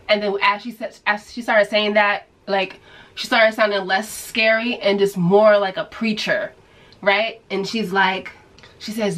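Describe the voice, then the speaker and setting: A woman from New York telling a story to her viewers in a casual, animated way, acting out the people she quotes. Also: medium pitch, a little slow, poor audio. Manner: animated storyteller who acts out quoted voices. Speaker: vlogger.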